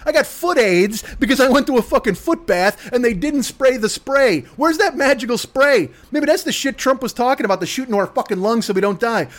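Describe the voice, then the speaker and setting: A man ranting in a profane comedic monologue as a podcast host, swearing heavily and slipping into mocking voices. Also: high voice. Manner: rants with heavy swearing and mock voices.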